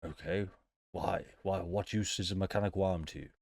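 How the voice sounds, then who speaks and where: A man's voice: low voice, brisk, gravelly, a little mellow, dry recording, clean studio sound. A man voicing a flustered, apologetic male casino dealer in a tabletop game. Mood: puzzled.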